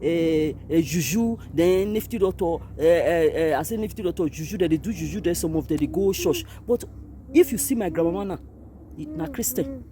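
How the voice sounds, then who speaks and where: Filming herself at a cemetery, this Nigerian vlogger talks fairly quickly in a fairly low voice with a Nigerian Pidgin English accent, slight background noise behind her. She addresses the camera emotionally, shifting from hushed sorrow to loud, animated eruptions.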